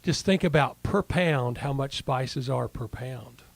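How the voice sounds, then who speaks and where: A man's voice: medium pitch, measured pace, gravelly, no room sound. A man co-hosting a farm TV show, chatting casually and joking about his kitchen. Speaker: co-host. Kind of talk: casual chat.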